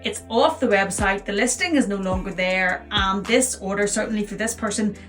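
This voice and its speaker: A woman's voice: medium pitch, moderate pace, fairly bright tone. A woman vlogger in casual commentary, chatty and questioning. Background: faint music.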